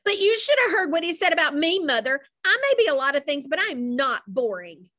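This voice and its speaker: A woman's voice: sits high, big pitch swings, fairly quick, pushed and bright, dry recording, clean studio sound, pitched above the performer's own voice, full character voice. Woman doing a melodramatic young girl. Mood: despairing. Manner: melodramatic, wailing. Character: dramatic weepy fourth-grade girl.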